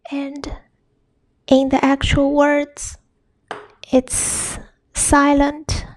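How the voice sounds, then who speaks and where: A woman giving a whispered ASMR lesson, speaking softly and breathily and repeating words slowly. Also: high-pitched, completely flat delivery. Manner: slow, soft and breathy, with many repeated words. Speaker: ASMR Spanish teacher.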